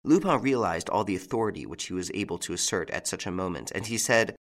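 A man narrating a classic detective novel as a measured audiobook reading. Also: on the low side, big pitch swings, fairly bright tone. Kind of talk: scripted narration.

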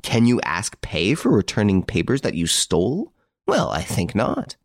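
A man voicing a suave gentleman thief in an audiobook, cool, ironic and commanding. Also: on the low side, huge pitch swings, moderate pace, dry recording, clean studio sound, heavily acted. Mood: mocking.

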